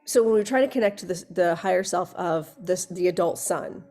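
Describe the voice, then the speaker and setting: Woman co-host, rambling, animated storyteller, faint music underneath. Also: lowish voice, fairly quick. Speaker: hypnosis practitioner and co-host. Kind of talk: candid chat.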